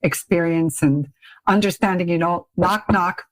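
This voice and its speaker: A middle-aged woman, a guest on a podcast, tells her story in a lowish voice. She acts out quoted lines with sudden leaps in pitch and laughs often. The recording is dry and close. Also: a little slow, no echo. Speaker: podcast guest, beauty brand CEO. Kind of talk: animated storytelling in casual chat. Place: Ontario, Canada.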